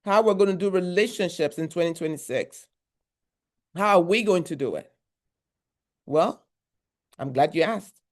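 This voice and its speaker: A woman's voice: fairly low pitch, moderate pace, pauses often. A woman from Nigeria, a therapist giving a motivational workshop talk in a conversational, repetitive style with emphatic asides.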